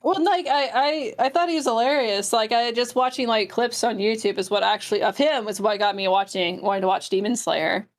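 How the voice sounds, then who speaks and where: A woman's voice: a little high, a little fast, hardly any pauses. A woman in a casual podcast chat, loose and joking, swearing and laughing often.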